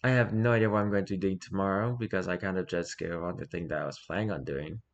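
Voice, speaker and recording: A man reading a rules-style horror story aloud for his channel, lively, with occasional stumbles and restarts. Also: low-pitched, quick pace, lo-fi sound. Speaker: YouTuber reading horror stories.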